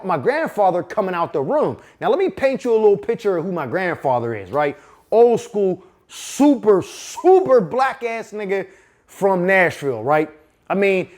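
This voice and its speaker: A man from Pittsburgh spins a personal story in casual street slang and heavy profanity. His voice sits high for a man, and the delivery stays animated and conversational.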